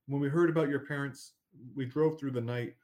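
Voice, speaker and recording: A man voicing a kindly old grandmother who speaks gently and soothingly in a storybook. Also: mid-range voice, steady tone, fairly quick, close to an everyday voice. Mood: apologetic.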